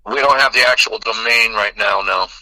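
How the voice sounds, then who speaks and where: A man from Texas in a metal band, answering interview questions in a laid-back, profane way with halting fillers. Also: fairly low pitch, gravelly, bright, forceful tone, no echo, low-quality recording.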